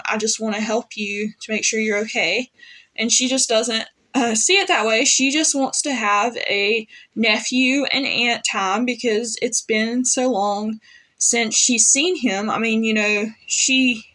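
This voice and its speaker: A woman's voice: on the high side, a bit bright. A woman casually recapping a TV episode as a fan reviewer, chatty and full of fillers as she paraphrases the characters' lines.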